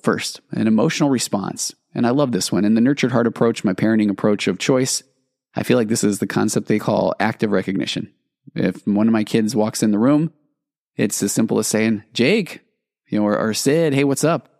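A man's voice: fairly low pitch, creaky, a little mellow, no echo, clean studio sound. A man hosting a solo podcast, talking earnestly about parenting and acting out little dialogues with his kids, with self-deprecating asides. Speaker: podcast host. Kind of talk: reflective solo podcast talk.

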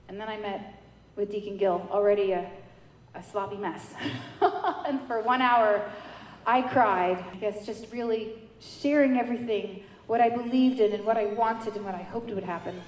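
A woman from New York giving a personal faith testimony, telling her story with animated quoted voices. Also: mid-range voice, normal speed. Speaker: testimony speaker. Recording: echoey hall with light noise.

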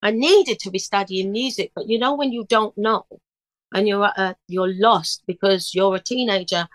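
A middle-aged woman telling stories in a casual interview, lively, breaking into bits of song. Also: mid-range voice, moderate pace, no echo, rough recording. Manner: animated storyteller, bursts into snatches of song. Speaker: guest singer.

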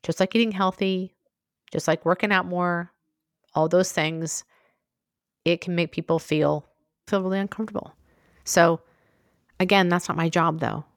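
Female solo podcast host, lower register, candid conversational delivery, dry close-miked sound. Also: fairly even intonation, normal speed, long pauses, dry recording. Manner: frank, conversational, full of asides.

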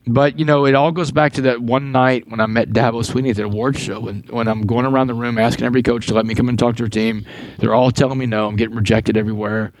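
Fast-talking man telling a story. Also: mid-range voice, no echo, rough recording. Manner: animated storyteller, repeats words as he goes. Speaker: guest. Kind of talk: storytelling interview.

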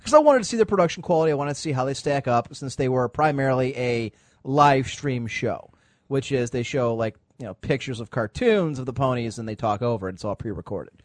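A man hosts a loose, joking podcast chat, his pitch swinging up and down as he talks. The sound is dry and close, with no room around it. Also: brisk, no echo. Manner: loose, joking, animated banter. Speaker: podcast host. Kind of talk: casual chat.

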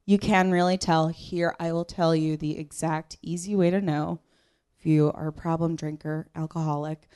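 A woman comic doing a stand-up set with a dry, deadpan, self-mocking delivery, on a live comedy stage into a handheld mic. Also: low-pitched, normal speed, smooth.

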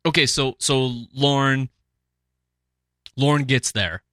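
A man's voice: mid-range voice, takes it slowly, bright, forceful tone, dry recording, clean studio sound. A man hosting a casual podcast chat, joking and animatedly retelling scenes. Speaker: podcast host.

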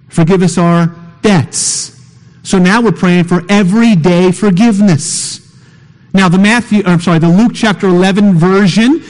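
A middle-aged man preaches with a high, reedy voice that carries through a big sanctuary. His words ring out with a long reverb behind them. He pushes through quick, repeated phrases, then slows to soft, drawn-out emphasis. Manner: emphatic, repetitive, swings between fast bursts and slow soft stresses. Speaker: pastor. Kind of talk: sermon. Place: church sanctuary. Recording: reverberant hall.

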